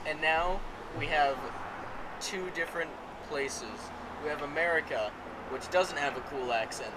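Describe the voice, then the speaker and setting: A man's voice: on the high side, measured pace, noisy background. A young man co-hosting a casual podcast chat, joking and laughing often. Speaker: podcast co-host.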